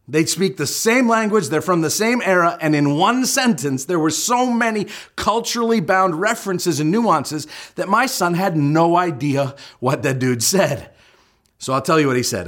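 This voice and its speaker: Pastor guy in his middle years, sermon mode, kinda high voice, hits his points hard. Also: animated, normal speed, a bit bright. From United States. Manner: explanatory, building emphasis on key points.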